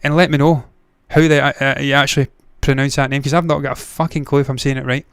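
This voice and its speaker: A man's voice: medium pitch, little pitch movement, fast, fairly bright tone, clean tone, dry recording, studio quality. A man hosting a movie news livestream, giving blunt, opinionated takes with frequent swearing. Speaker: movie news show host. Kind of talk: casual livestream commentary.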